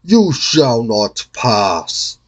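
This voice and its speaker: A man's voice: mid-range voice, big pitch swings, very slow, exaggerated voice. A man doing a stubborn little dwarf servant. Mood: defiant. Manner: stubborn, then pleading. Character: defiant male dwarf servant.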